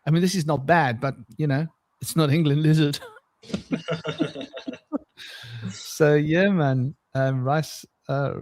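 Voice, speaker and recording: A man with a somewhat high voice hosts a loose podcast conversation. He rambles, stumbles over his words and chuckles between thoughts. The sound is dry and close, with no room around it. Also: no room sound. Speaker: podcast host. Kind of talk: casual chat.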